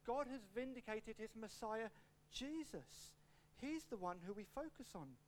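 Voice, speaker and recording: Man preaching a sermon, expressive and quick to switch tempo, quietly humming room. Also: extremely high pitch, slight background noise. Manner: animated, acts out quotes, shifts pace a lot. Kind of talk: expository sermon with a personal story.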